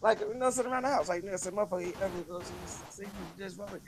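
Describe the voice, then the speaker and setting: A high-pitched man joins a casual online chat as a guest. He talks in a laid-back, slangy way, constantly dropping filler tags. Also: rapid-fire, noisy background. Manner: laid-back, slangy, keeps saying "you know what I'm saying". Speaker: guest YouTuber. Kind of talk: casual live-stream chat.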